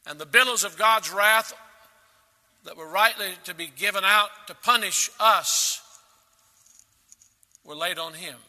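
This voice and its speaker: A man delivers a sermon with a very bright, piercing tone that sits high for a man. He preaches emphatically, leaping to loud peaks and then falling back soft. His voice rings with the long reverb of a big hall. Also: measured pace, long pauses. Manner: emphatic preaching with sudden loud rises and quiet drops. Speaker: pastor.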